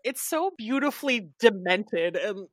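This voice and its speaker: A woman guesting on a casual comedy podcast, dropping wry deadpan quips. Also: mid-range voice, measured pace, no echo.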